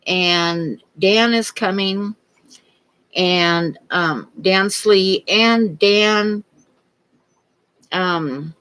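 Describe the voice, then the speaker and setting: Brief: easygoing livestream host, rambling storyteller, mid-pitched voice. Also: extremely slow, pauses often, bright, forceful tone, clean tone, poor audio. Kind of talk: casual chat and joke-telling.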